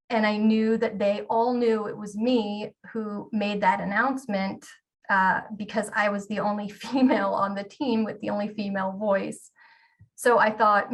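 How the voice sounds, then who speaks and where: A woman's voice: mid-range voice, fairly bright tone, far from the mic. A woman in her forties giving a candid, self-deprecating storytelling talk as a keynote speaker, with the odd filler um.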